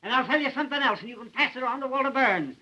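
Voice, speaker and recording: A man's voice: very high-pitched, lively intonation, racing, pushed and bright, exaggerated voice. An actor playing a pompous, blustering male sheriff in a 1930s film, threatening and self-important. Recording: dull lo-fi 1930s film sound.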